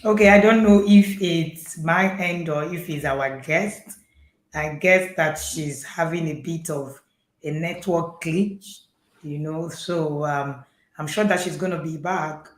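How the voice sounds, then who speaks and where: Woman host, calm delivery, short acknowledgements, reverberant room. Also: low-pitched, takes it slowly. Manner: calm, brief listening sounds. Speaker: podcast host. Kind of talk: hosting an interview. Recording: echoey room.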